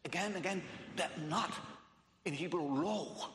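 A man preaching a sermon, emphatic and repetitive, dropping to a hush and then rising loud. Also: a little high, very animated, takes it slowly, long pauses, slight background noise. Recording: echoey hall with long reverb.

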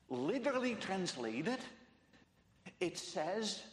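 A man preaches in a high, lively voice that climbs and falls, taking his words slowly. He hammers his points through repetition, swinging from hushed to loud. The sound rings through a large hall with a long echo. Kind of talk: sermon. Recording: echoey hall with long reverb.

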